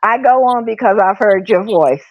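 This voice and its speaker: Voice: mid-range voice, expressive, moderate pace, dry recording. Gushing caller on a tinny phone line. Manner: gushing, emotional, stammering. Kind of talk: phone-in conversation.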